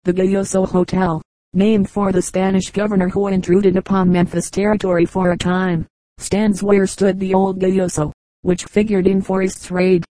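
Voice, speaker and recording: Woman narrator, low flat delivery, mellow tone, dry close sound; steady audiobook reading. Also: normal speed, dry recording, rough recording. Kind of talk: audiobook reading of a travel memoir.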